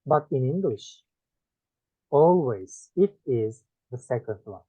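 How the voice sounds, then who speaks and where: Male Turkish-accented English tutor, lively pitch, dry close sound, drills words one by one. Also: slightly rough, no echo. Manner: listing words one by one with pauses. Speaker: English teacher. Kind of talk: one-on-one lesson. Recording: dry tinny phone-like sound.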